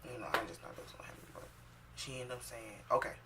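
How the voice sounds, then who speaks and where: A woman telling a personal story for her vlog, animated and emphatic, swinging between loud outbursts and hushed asides. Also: very deep voice, quick pace, far from the mic, very noisy. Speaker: vlogger.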